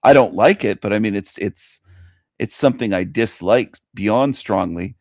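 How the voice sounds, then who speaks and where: A man's voice: on the low side, moderate pace, vocal fry, dry recording, studio quality. A man hosting his own show, commenting on a video he plays, scornful and mocking as he rants. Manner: scornful, mocking, animated ranting. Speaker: host.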